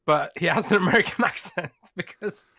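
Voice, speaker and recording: A man's voice: sits high, fairly quick, vocal fry, pushed and bright, dry recording, clean studio sound. A British man co-hosting a casual gaming podcast, laid-back and teasing, laughing often. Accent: British English. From Britain. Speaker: podcast co-host.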